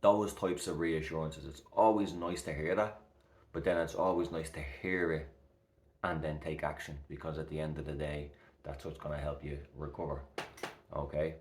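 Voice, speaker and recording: A man in his thirties speaks straight to camera in a very deep, even voice. He talks in an earnest, reassuring way, loose and full of fillers. The room around him sounds echoey. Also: normal speed. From Ireland. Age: 30s. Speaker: recovery coach vlogger. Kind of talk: heartfelt casual talk to camera.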